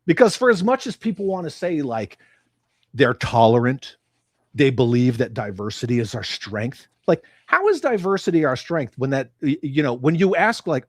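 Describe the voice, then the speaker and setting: A blunt American man hosts a livestream from his room, reading chat aloud and cursing freely. His pitch swings widely while he talks. The sound is dry and close. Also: big pitch swings, moderate pace, no room sound. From United States. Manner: profane, blunt, ranting. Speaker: livestream host.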